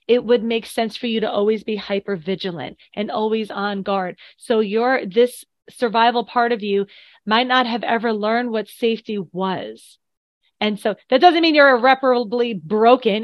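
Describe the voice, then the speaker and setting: Woman podcast coach, reassuring explainer, higher voice, dry mic. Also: no echo, lo-fi sound. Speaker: anxiety coach co-host. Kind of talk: casual podcast chat.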